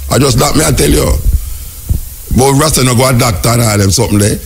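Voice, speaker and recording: A man's voice: medium pitch, fast talker, slight background noise. A man with a Jamaican accent hosting a radio phone-in, lecturing in an exasperated, sing-song way. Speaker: radio host.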